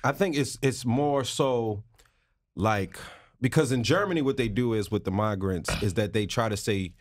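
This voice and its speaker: A man's voice: medium pitch, moderate pace, no echo, studio quality. A man in his twenties, a guest on a talk show, speaks reflectively and casually, often searching for words. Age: 20s. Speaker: activist guest. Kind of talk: casual conversation.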